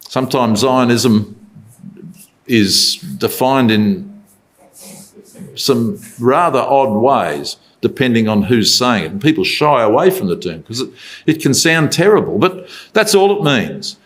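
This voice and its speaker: A man's voice: medium pitch, expressive, measured pace. A man giving a Bible talk in a conversational way, asking rhetorical questions as he tells the story. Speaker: Bible speaker.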